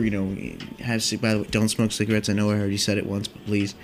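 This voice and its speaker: A man's voice: lowish voice, steady tone, fast, hardly any pauses, darkish tone, slight background noise. Rambling, foul-mouthed young man telling a story. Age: 20s. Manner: rambling, profane, filler-heavy with constant "like" and "dude". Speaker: vlogger. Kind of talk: casual storytelling rant.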